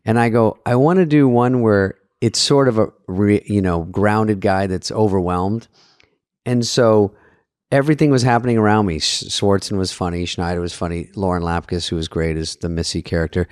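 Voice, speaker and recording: A man's voice: on the low side, normal speed, darkish tone, dry recording, studio quality. A middle-aged man co-hosting a podcast, telling a story in a self-mocking way and swearing freely. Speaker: podcast co-host. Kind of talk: casual chat, storytelling.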